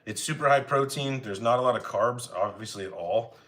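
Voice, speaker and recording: A man's voice: mid-range voice, a little fast. A man hosting a live home cooking stream, chatting casually with viewers and greeting them by name as he cooks. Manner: relaxed, rambling, greets chat by name. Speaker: cooking livestream host. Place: home kitchen.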